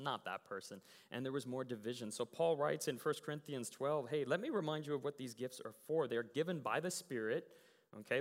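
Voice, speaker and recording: A man giving a casual sermon as a pastor, telling stories in an animated way with many fillers and repeated words. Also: on the high side. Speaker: youth pastor. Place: church sanctuary. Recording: church hall with long reverb.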